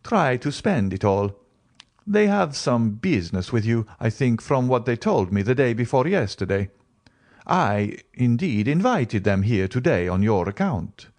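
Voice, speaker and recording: A man voicing a composed, worldly nobleman who speaks in a smooth, measured, knowing way, in an audiobook reading. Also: medium pitch, very animated, darkish tone. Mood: assured. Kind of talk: audiobook character voice.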